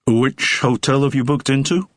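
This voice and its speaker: A man's voice: mid-range voice, normal speed, dry recording, clean studio sound, voice pushed up, natural voice. A man reading an audiobook, voicing a cautious, affable American actor. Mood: guarded. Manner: cautious, guarded. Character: wary American TV star man, affably humble.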